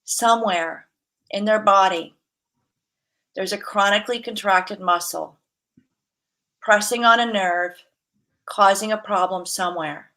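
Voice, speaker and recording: A woman's voice: medium pitch, a little slow, long pauses. A woman who works as a massage therapist, a guest chatting casually, telling stories with laughs and acting out quoted voices. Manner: lively storyteller, laughs often, acts out quotes. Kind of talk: casual interview chat.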